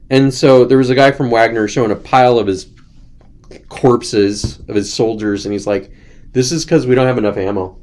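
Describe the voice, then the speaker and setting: A man with a lowish, slightly mellow voice hosts his own show of casual political commentary. He rants loosely and sarcastically, frequently slipping into mocking quotes.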